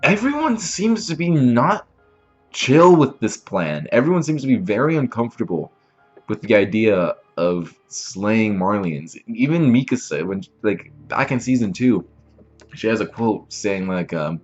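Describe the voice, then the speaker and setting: A man's voice: on the low side, measured pace, dull audio, faint music behind. A man hosting a reaction channel, recapping an episode in a casual, rambling way with lots of fillers. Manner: animated, rambling retelling with many fillers.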